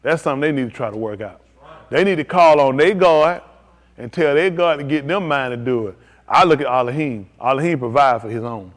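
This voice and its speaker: Fairly quick and mid-range in pitch, a male pastor's voice carries his live-streamed sermon. He addresses the congregation emphatically, repeating himself and hammering away with short, punchy lines.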